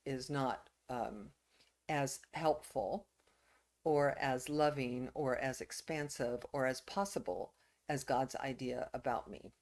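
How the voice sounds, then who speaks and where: A woman minister preaching a reflective sermon, pausing with fillers and restarts. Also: a bass voice, a little mellow.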